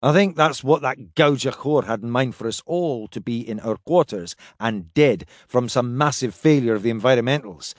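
A man's voice: medium pitch, normal speed, few pauses, no room sound, clean studio sound, close to an everyday voice. A man voicing an angry male starship chief, speaking in terse, clipped lines with curses. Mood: grim.

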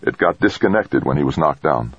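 A man voicing a steady, practical male astronaut who talks in short, terse phrases. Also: extremely low pitch, fairly quick, husky, dry recording, muffled recording, exaggerated voice.

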